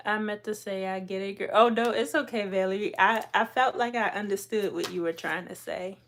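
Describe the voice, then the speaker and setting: A hoarse woman, talking bluntly and at length while hosting a casual livestream and answering her chat. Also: medium pitch, normal speed, a bit bright, a little hiss or hum. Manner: talkative, blunt, talks back to chat. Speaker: livestream host.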